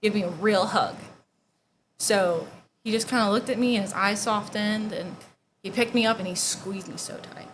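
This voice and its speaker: A woman's voice: mid-range voice, steady tone, moderate pace, a little hiss or hum, rough recording. A young woman giving a personal testimony, casual and full of "like", sometimes dropping to near-whispers. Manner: conversational, heavy use of "like", drops to near-whispers at painful moments.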